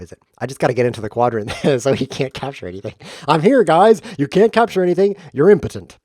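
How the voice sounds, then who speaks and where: A man hosting a chess stream, joking through playful deadpan tangents and mock lectures while he plays. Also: mid-range voice, no echo, clean studio sound. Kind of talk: rambling comedic commentary while playing.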